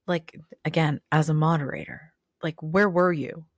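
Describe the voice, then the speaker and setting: A woman co-hosting a casual recap chat, talking in an exasperated, animated way. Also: deep voice, normal speed, no echo, clean studio sound. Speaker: podcast co-host.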